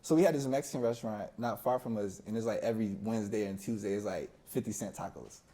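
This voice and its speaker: A man with a mellow, dark-toned voice tells a personal story as a podcast guest. He talks casually and loosely. He slips into the voices of the people in his story as he goes. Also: lowish voice, fast talker. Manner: relaxed, conversational, acts out both sides of a talk.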